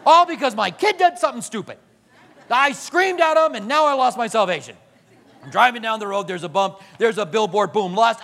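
Male pastor, high voice, animated sermon, long reverb. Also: normal speed. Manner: animated preaching, acting out quoted voices, swings from loud to hushed.

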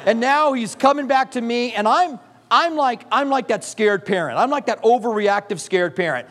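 A man's voice: extremely high pitch, expressive, moderate pace, a bit bright. A middle-aged male pastor preaching a sermon, telling stories and acting out voices of the people in them. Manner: storytelling, acts out voices, laughs often. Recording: long reverb of a large hall.

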